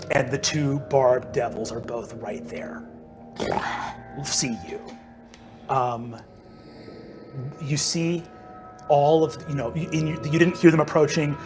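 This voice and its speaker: Unhurried man running a tabletop game. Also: medium pitch, fairly even intonation, over music. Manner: casual, unhurried, with fillers. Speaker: game master.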